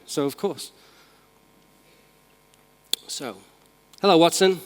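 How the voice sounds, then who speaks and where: A man's voice: a little high, normal speed, pauses often. A man with a Manchester accent giving an enthusiastic, casual live tech demo as a conference keynote speaker in a large hall. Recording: long hall reverb.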